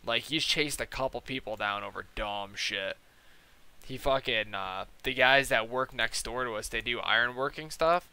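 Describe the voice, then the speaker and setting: Smooth and sharp-toned, this young gameplay commentator speaks at a normal speed in a mid-range voice. His casual stories are packed with profanity and slang, heavy on "like" and "dude," and he acts out quoted people by changing his voice.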